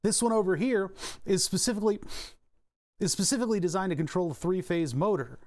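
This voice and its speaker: A man's voice: high voice, a little fast, a little mellow. A man live-streaming from his desk, casually explaining electronics in a rambling, profane way. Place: desk at home.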